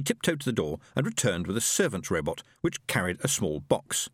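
A man reading an audiobook in a measured storytelling voice. His pitch moves strongly up and down, and the close, dry recording has no room sound. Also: husky, no room sound. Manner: measured storytelling with lively inflection. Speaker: narrator. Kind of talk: audiobook narration.

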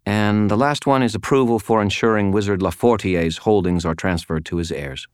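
A man's voice: on the low side, moderate pace, clear, resonant tone, no echo, studio quality, voice pushed up, close to an everyday voice. A man voicing a fussy, reedy little wizard clerk who speaks with prim, polite disapproval.

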